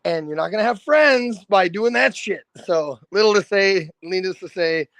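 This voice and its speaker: A man, a rock band's lead singer, telling stories as a podcast guest in a loose, animated way, swearing freely and saying "dude" a lot. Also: high-pitched, moderate pace, no room sound. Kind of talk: casual storytelling.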